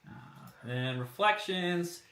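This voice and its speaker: With a high-pitched, sharp, bright voice, this man casually talks through his car body kit designs on a stream, drifting from point to point and using fillers as he thinks. His intonation is lively while his pace stays measured. Because he's far from the mic in a workshop room, the audio sounds roomy.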